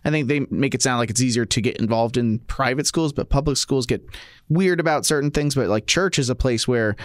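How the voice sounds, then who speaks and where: A man's voice: medium pitch, fairly quick, no echo, studio quality. Thoughtful man in casual chat. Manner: thoughtful, many likes. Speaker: co-host. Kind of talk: casual faith talk show chat.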